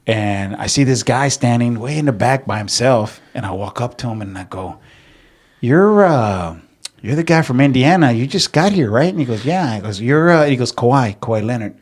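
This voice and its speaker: A middle-aged man from San Antonio, a podcast guest, telling animated stories in casual chat, acting out quotes and swearing freely. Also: medium pitch, normal speed. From San Antonio, Texas. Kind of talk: casual storytelling.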